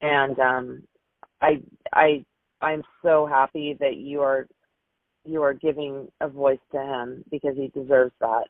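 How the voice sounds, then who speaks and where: A grieving mother telling stories about her son in a halting, emotional way, often repeating herself. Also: a bass voice, steady tone, no echo. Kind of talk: phone interview storytelling. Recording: tinny phone line, dry.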